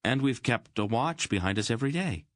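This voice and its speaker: A man's voice: mid-range voice, animated, a little fast, no room sound, clean studio sound, voice pushed up, close to an everyday voice. A man voicing an earnest teenage boy who blurts his thoughts eagerly.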